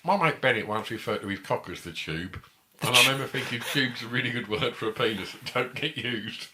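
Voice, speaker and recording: A man's voice: mid-range voice, brisk, very noisy. A middle-aged man, co-hosting a comedy podcast, telling rambling, sweary stories and laughing often. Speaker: podcast co-host. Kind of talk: casual chat.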